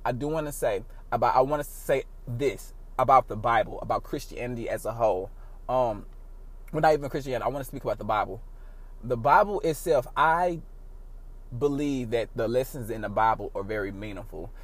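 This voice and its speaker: A man hosting his own podcast, talking casually in a rambling, profane way with big swings in loudness. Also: medium pitch, a little fast. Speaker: podcast host. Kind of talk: casual solo podcast monologue.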